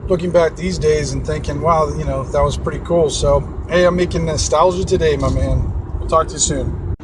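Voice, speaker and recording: A man's voice: a little high, steady tone, moderate pace, noisy background. A man in his fifties leaving an easygoing voicemail, thinking aloud. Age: 50s. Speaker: caller. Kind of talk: voicemail message.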